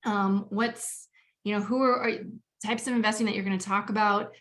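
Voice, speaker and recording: A woman's voice: mid-range voice, steady tone, normal speed, a bit bright. A woman with a mid-range voice hosts a webinar over a video call. She introduces speakers chattily, with an easy, friendly flow broken by many "um" fillers. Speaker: webinar host. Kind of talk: hosting a webinar.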